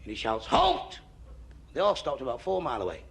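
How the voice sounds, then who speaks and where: A man with a Mancunian accent telling stand-up jokes, brisk and deadpan on the punchlines. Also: medium pitch, creaky. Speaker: stand-up comedian. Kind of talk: stand-up comedy.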